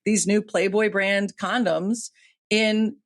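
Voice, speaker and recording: A woman hosting a podcast, telling a story in a casual, animated way over a video call, full of "like" asides. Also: mid-range voice, slow. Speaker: podcast host.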